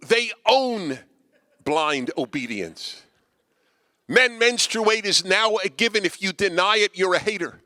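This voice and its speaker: A man giving a speech to a live audience, emphatic and combative with a wry edge, his voice swinging between quiet asides and loud, pointed lines. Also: high voice. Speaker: guest speaker. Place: auditorium with an audience. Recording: reverberant hall.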